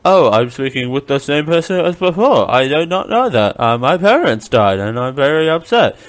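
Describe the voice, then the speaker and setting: A man with a fairly high, very animated voice speaks at a normal speed. He hosts a casual, comedic live stream, laughing often and making silly sound effects with his mouth.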